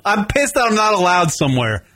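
A man co-hosting a show in casual chat, ranting and swearing with loud bursts. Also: sits high, big pitch swings, fairly quick. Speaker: podcast co-host.

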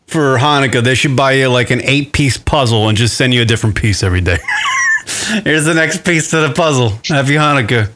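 A man's voice: medium pitch, a little fast, noisy background. A man co-hosting a radio show, bantering in casual chat with a profane, sardonic manner. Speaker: podcast co-host.

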